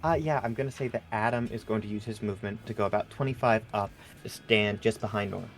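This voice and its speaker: A man's voice: fairly low pitch, steady tone, fast, faint music behind. A man playing a tabletop game in casual chat, polite and easygoing. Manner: polite, keeps saying lovely. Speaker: player.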